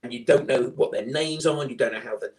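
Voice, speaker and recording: A middle-aged man with a Liverpool accent telling his fostering story in a loud, chatty, animated way. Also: medium pitch, fast talker. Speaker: foster carer guest. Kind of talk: casual storytelling.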